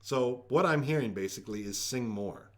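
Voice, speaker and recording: A man's voice: mid-range voice, expressive, moderate pace, fairly bright tone. A man hosting a live-streamed trivia game from home, joking around as he reads each question twice. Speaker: trivia host.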